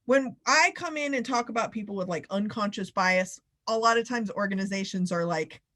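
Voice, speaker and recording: A woman leading a live online workshop over a video call, talking in an animated, playful way and swooping up high for emphasis. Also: moderate pace. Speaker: workshop facilitator.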